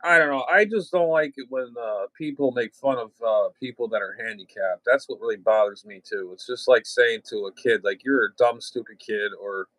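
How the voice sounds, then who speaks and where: A man's voice: mid-range voice, moderate pace, hardly any pauses, a bit bright, no room sound, poor audio. Rambling chatty man on ham radio. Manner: rambling, chatty, with restarts and mild cursing. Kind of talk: casual radio chat.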